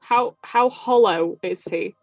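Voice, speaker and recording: A woman playing a tabletop game over a voice call, easygoing and quick to laugh. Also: medium pitch, dry recording, dull audio, faint music behind. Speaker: player. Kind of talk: casual tabletop game chat with in-character lines. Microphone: computer mic on a voice call.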